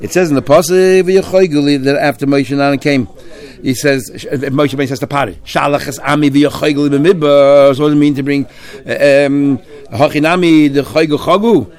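A man's voice: fairly high pitch, steady tone, a little fast, a little mellow. A man leading a Talmud study discussion, arguing and questioning, sprinkling in Hebrew and Yiddish terms. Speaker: Torah study teacher.

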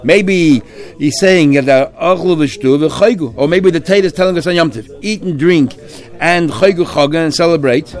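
A Torah study teacher leads a Talmud discussion, arguing and raising questions while sprinkling in Hebrew and Yiddish terms. His voice is fairly high-pitched, at normal speed.

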